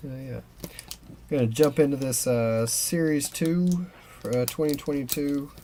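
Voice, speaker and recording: A man's voice: mid-range voice, measured pace, noisy background. A man co-hosting a card-opening show, chatting casually and reading player names aloud as he pulls cards. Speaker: co-host opening baseball cards.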